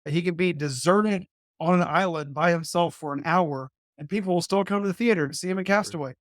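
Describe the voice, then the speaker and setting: Animated man telling a story, dry sound. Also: high voice, brisk, no echo. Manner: animated storyteller, playful and self-deprecating. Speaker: podcast guest, former college football player. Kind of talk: casual anecdote-telling.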